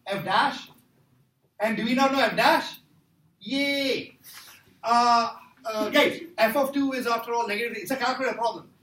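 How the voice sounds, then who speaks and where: High-voiced man teaching math, echoey classroom. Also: moderate pace, long pauses, bright, forceful tone. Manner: joking, quizzes the class. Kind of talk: classroom lecture. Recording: echoey room from far off, faint noise.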